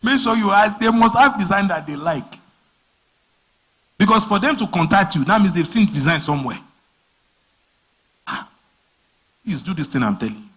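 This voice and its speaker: A man's voice: high-pitched, normal speed, pauses often, slightly rough. A man giving a casual live design training, telling stories and voicing clients and bosses along the way. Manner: animated storyteller, voices clients and bosses mid-story. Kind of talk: casual live training talk with acted-out anecdotes.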